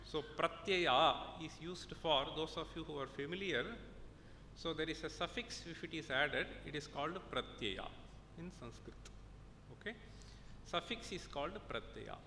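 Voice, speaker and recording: Bright-voiced Indian man lecturing in a hall. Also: animated, normal speed. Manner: explains step by step, checks in with "okay?" and "right?". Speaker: professor lecturing at a conference. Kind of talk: lecture with examples and recitation. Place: conference hall. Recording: echoey hall with faint rumble.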